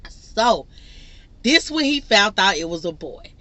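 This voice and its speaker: Young female vlogger, lively storyteller, bright and forceful tone, casual chat. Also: medium pitch, a little slow, dry recording. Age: young adult. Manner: animated, laughing storyteller. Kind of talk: storytime vlog.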